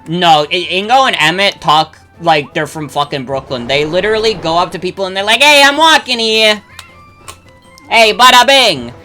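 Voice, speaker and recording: Young adult streamer, bright edgy tone, rambling and sweary, faint game music behind. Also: medium pitch. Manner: rambling, filler-heavy, swears freely. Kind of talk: casual chat while gaming, reading chat.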